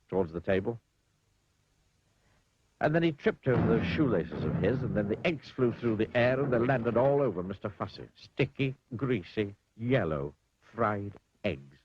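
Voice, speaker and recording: A man reading a children's storybook aloud in an expressive, playful way, sometimes speaking to the listener. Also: low-pitched, moderate pace, breathy edge, no room sound, highs cut off.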